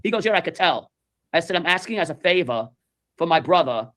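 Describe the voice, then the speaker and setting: A man's voice: a little high, a little fast. A man telling a story in casual chat, animatedly acting out the voices of the people in it. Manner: animated, acts out quoted voices.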